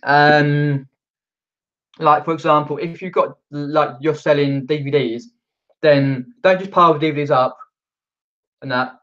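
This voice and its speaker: A man's voice: fairly high pitch, steady tone, a little slow, pauses often, fairly bright tone, dull audio. A man from just outside London with a Mockney accent, chatting casually on a live stream and reading out viewer comments, rambling with lots of fillers. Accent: Mockney, outer London. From England.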